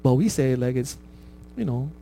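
A man's voice: mid-range voice, expressive, moderate pace, gravelly, mellow, slight background noise, poor audio. A man preaching a conversational sermon, checking in with his listeners with "right?" and laughing at his own stories. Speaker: pastor.

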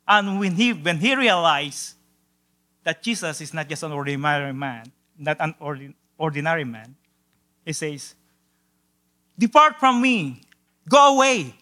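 A man preaching with a high, bright, ringing voice. He swings between near-whispered solemn lines and loud, stretched-out exclamations, and stumbles and repeats words now and then as he goes. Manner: drawn-out emphatic quotations. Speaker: pastor. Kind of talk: sermon.

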